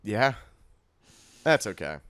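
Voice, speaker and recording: A man's voice: fairly low pitch, sing-song, slow pace, a bit bright, no echo. A young man co-hosting a podcast, talking in a laid-back, joking way. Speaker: podcast co-host. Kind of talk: casual chat.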